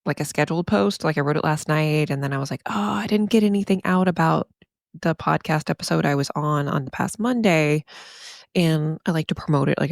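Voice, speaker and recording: A woman's voice: deep voice, gravelly, no echo, studio quality. A woman therapist hosting her podcast, talking casually and emphatically with frequent laughs and asides. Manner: chatty and emphatic, often says "y'all".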